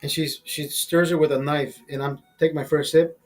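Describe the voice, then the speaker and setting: A man's voice: a little high, moderate pace, faint music behind. Profane rambling man in his fifties. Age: 50s. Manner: profane, rambling, animated retelling with many restarts. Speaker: vlogger telling a personal story. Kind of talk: casual storytelling.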